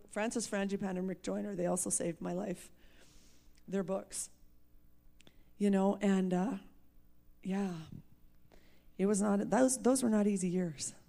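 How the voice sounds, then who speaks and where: A woman preacher tells her own testimony, frank and emphatic, with frequent self-mocking laughs. Her voice carries a gravelly fry at a middle pitch. She talks candidly, as if to a congregation. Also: dark tone. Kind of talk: personal testimony in a sermon.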